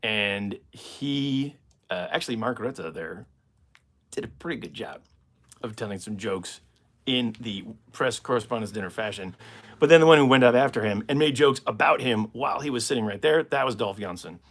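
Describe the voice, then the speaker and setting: A man's voice: mid-range voice, lively intonation, normal speed, a bit bright. An American man, a comedian, answering viewer questions in a casual, rambling live stream and laughing at his own jokes. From United States.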